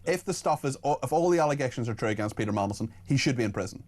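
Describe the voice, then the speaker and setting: A man hosting a radio phone-in, briskly reading out listener messages and talking with callers. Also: medium pitch, animated. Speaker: radio host.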